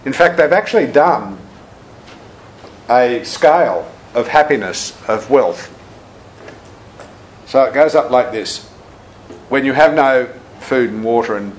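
A Buddhism teacher who also works as a shiatsu therapist speaks in a mid-range voice over a low-quality recording with a little hiss or hum. His talk is casual and full of stories, acting out what people said and laughing at his own anecdotes.

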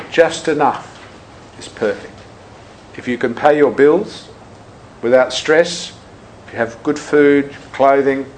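Guy giving a relaxed buddhist talk, tells stories and does the voices, bit of hiss behind. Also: medium pitch, low-quality recording. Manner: storytelling, acts out quotes, laughs at his own anecdotes. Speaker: Buddhist teacher and shiatsu therapist. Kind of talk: casual teaching talk with anecdotes.

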